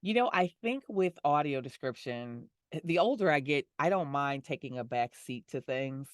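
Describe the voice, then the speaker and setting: A middle-aged woman, a voice actor and audio description narrator, answering interview questions in a warm, smiling way and laughing easily. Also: sits low, lively intonation, moderate pace, no room sound, clean studio sound.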